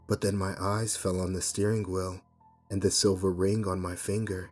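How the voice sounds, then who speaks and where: A man reading a first-person horror story aloud in a measured storytelling manner. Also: sits low, flat delivery, slightly rough. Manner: measured storytelling with voiced dialogue. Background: faint music.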